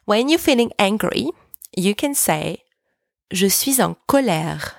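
A woman hosting a language lesson podcast, speaking slowly and clearly and repeating each phrase so listeners can practice. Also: mid-range voice, lively intonation, no echo, studio quality. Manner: slow, careful, repeats French words for practice. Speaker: French teacher, podcast host.

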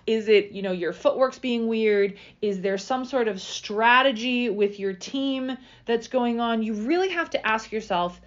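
Woman, 30s, solo podcast host and fitness coach; direct, pumped-up delivery, slightly high voice. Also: dull audio. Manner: energetic, direct, motivational.

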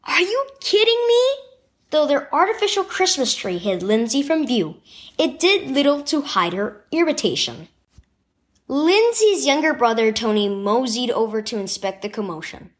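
A woman reading a scripted children's devotional story with expressive storytelling. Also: fairly high pitch, moderate pace. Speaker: devotional reader.

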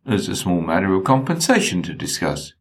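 A man putting on a growly, slow-witted kidnapper with a deep, low voice. He talks plainly and gruffly, a little dim. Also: very animated.

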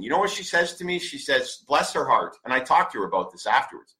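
Forceful, blunt motivational man in his forties. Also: mid-range voice, very animated, quick pace, low-quality recording. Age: 40s. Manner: emphatic, blunt, swears often; preachy, repeats commands for stress. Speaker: podcast host. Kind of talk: motivational monologue.

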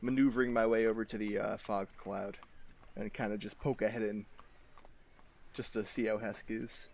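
A man's voice: lowish voice, fairly even intonation, normal speed, vocal fry, a little mellow, slight background noise. A man playing a tabletop game in casual chat, hedging and hesitant as he describes his moves. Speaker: player.

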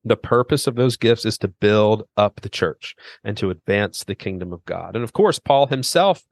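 A middle-aged man with a lowish voice, a seminary president and author, speaks animatedly at a moderate pace. He earnestly explains theology as a podcast guest in an interview conversation, with frequent restarts and no echo.

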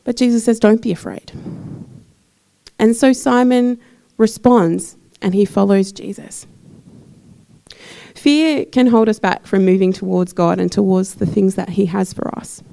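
A woman's voice: mid-range voice, unhurried, vocal fry, mellow. A woman giving a conversational sermon in church, putting questions to the congregation. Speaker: preacher.

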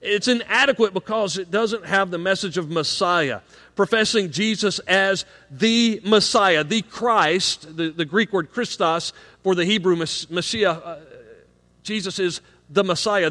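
A man's voice: high-pitched, measured pace, sharp tone. A middle-aged man preaching a sermon as pastor of a church, earnest and building emphasis on key points, often repeating a word as he starts a phrase. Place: church sanctuary. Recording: long hall reverb.

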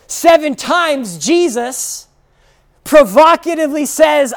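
A preacher delivering an expository sermon, stressing single words and rising to shouted declarations. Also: high voice, expressive. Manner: slow, deliberate emphasis on single words.

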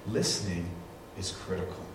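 A man preaching to a congregation, telling lively stories and acting out the voices of the people in them. He sounds far from the mic in a big echoey hall, with steady background noise. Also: low voice, normal speed. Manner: animated storytelling, acts out quotes. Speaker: pastor. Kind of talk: sermon with live demonstration.

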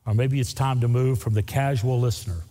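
Pleading husky-voiced preacher in a reverberant church. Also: male voice, medium pitch, fairly even intonation, a little fast, warm tone. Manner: earnest pleading, repeats phrases for emphasis. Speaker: pastor. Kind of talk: sermon. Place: church sanctuary.

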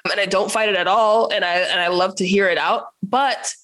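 A young woman coaching creatives on a podcast talks in a loose, chatty way. She laughs easily and slips into playful voices for her own thoughts. Her pitch sits in the middle range. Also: a little fast. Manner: animated, laughs often, acts out inner voices. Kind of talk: casual conversation.

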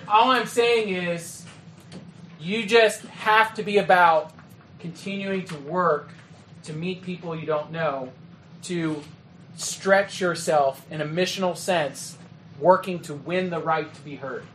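A man giving a training talk to youth ministry leaders in a conversational way, often checking in with "okay?" and "right?" and acting out quick exchanges. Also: high voice, a bit bright, a little hiss or hum. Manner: acts out quick quoted exchanges. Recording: echoey room with faint ambience.

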